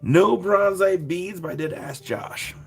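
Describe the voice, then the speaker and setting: A man's voice: high-pitched, measured pace, vocal fry, faint music behind. A man hosting a live rock sale stream, chatting casually and rambling, laughing often as he packs boxes and calls out numbers.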